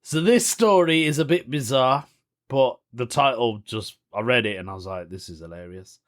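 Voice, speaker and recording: A man's voice: medium pitch, normal speed. A man hosting a solo podcast, chatting casually, reading a news story aloud and reacting with amused disbelief. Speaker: podcast host.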